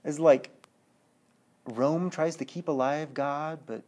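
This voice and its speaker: A man preaching with lively energy, slipping into little acted voices and checking in with the room. He sinks to a low, hushed tone when the message turns heavy. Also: takes it slowly. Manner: animated, acts out quotes, checks in with listeners. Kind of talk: sermon.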